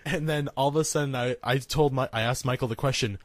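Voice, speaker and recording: A young man co-hosting a podcast, telling a story in an animated, laughing way. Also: mid-range voice, fast talker, no echo. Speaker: podcast co-host. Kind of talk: casual storytelling.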